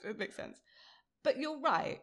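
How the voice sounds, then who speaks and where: Here a podcast co-host talks through a TV episode in easygoing conversation, with lots of laughter. She has a high, expressive voice and keeps a measured pace.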